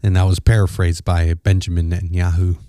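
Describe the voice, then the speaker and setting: A man's voice: low voice, flat delivery, brisk, warm tone, no room sound, studio quality. A man hosting a solo opinion podcast, talking conversationally and restarting phrases as he thinks aloud. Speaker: podcast host.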